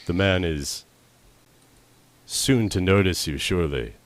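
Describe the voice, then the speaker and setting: A man running a tabletop game as dungeon master, chatty and quick with asides, often laughing. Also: low voice, no room sound. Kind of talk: narrating a tabletop game on a livestream.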